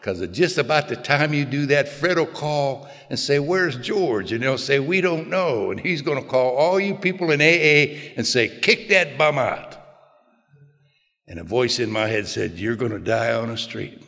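An older man telling a plainspoken personal recovery story to a group, in a folksy way with quiet low asides. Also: lively intonation, moderate pace, hardly any pauses. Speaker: recovery speaker. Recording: long hall reverb.

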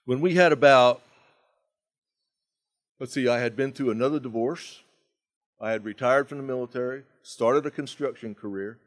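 Animated man telling a recovery story. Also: mid-range voice, moderate pace, long pauses. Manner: animated, wide swings from loud to hushed. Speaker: recovery meeting speaker. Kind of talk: storytelling talk.

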